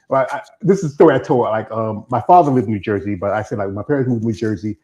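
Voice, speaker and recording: A man's voice: fairly low pitch, rapid-fire, few pauses, warm tone, muffled recording. A man hosting a live streamed interview, talking in a rambling, chatty way that often stops and starts over. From American South. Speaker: podcast host. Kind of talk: casual interview chat.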